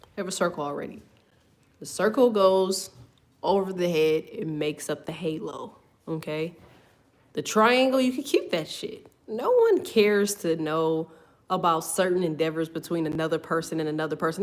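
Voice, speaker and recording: A woman's voice: on the low side, animated, moderate pace. A woman giving a casual tarot reading. She swears freely, laughs often and drifts off on tangents. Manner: loose, profane, laughs often, goes off on tangents. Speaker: tarot reader.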